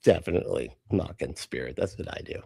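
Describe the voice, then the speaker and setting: A man's voice: sits low, a little fast, creaky, mellow, slightly rough, no room sound. A man hosting a live reaction stream, joking and sarcastic, laughing often and greeting chatters by name. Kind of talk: casual live-stream chat.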